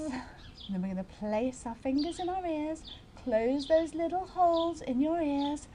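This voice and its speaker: A woman's voice: on the high side, slight background noise. A woman teaching a yoga class for young children, giving playful, encouraging, story-like instructions.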